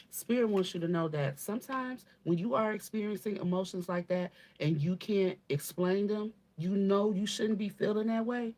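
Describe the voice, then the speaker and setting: Her voice a little mellow, medium in pitch and at normal speed, a spiritual reader offers viewers a channeled reading. She talks bluntly and casually with swearing, calls everyone baby, and emphasizes by repeating and asking "okay?"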